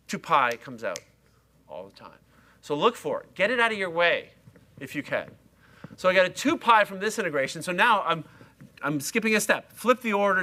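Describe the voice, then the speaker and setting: A man's voice: high-pitched, bright, forceful tone. A middle-aged man lecturing a university class, chatty and self-mocking, talking straight to his students. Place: lecture hall.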